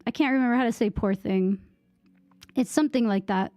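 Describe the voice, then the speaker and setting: A woman's voice: on the high side, fairly quick, darkish tone, dry recording, studio quality. A young American woman chatting casually with viewers on a game stream, giggling and trying out bits of French. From United States.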